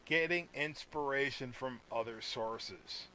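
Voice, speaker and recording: A man's voice: medium pitch, slow pace, sharp tone, slight background noise, rough recording. An American man co-hosting a podcast, chatting casually in a rambling way and laughing often. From United States. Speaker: podcast co-host. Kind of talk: casual chat.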